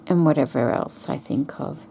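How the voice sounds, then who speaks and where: A woman talks slowly and softly while she sews, musing over threads and stitches. Her voice is mellow and low, with a gravelly edge. A faint hum sits under the recording. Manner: slow, soft-spoken, thinking aloud while sewing. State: hiccups. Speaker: craft vlogger. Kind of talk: casual stitching chat.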